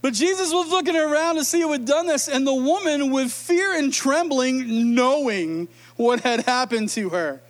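High-voiced man preaching playfully. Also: moderate pace, hardly any pauses. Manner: playful, joking storyteller. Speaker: pastor. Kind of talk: sermon.

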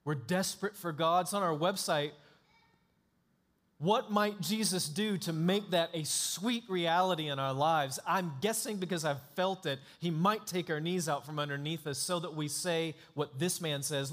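A male pastor preaching a sermon in an emphatic, dramatic way, swinging between hushed and loud. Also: a little high, normal speed.

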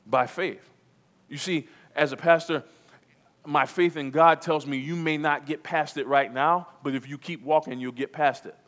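A man's voice: fairly high pitch, fairly even intonation, moderate pace, a bit bright. Man preaching a fiery sermon. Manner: emphatic preaching, repeats key phrases, calls to the congregation. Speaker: pastor. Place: church.

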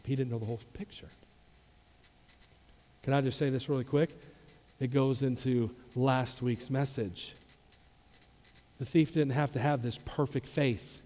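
A man's voice: moderate pace, long pauses. Dynamic man preaching in a reverberant church. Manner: swings from low quiet asides to loud emphatic questions. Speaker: pastor. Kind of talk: sermon. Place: church sanctuary. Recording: dull sound with long hall reverb.

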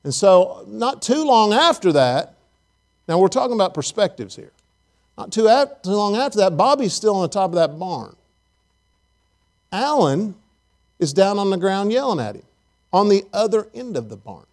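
A male pastor delivering a casual, storytelling sermon in a slightly high voice. He jokes, asks the congregation questions and keeps things friendly and loose. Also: big pitch swings, normal speed, pauses often. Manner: conversational, joking, speaks straight to the congregation. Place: church service.

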